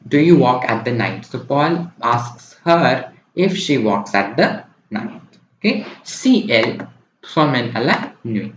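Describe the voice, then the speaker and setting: The voice sits on the high side for this man, who tutors French for an exam online. He breaks things down step by step with regular "right?" and "okay?" check-ins, and the lo-fi recording sounds dull and roomy with slight background noise.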